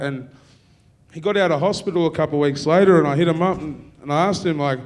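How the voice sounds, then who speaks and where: A man with an Australian accent doing a stand-up comedy set, telling dark stories in a profane, deadpan way. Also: on the high side, fast talker. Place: university theatre with live audience.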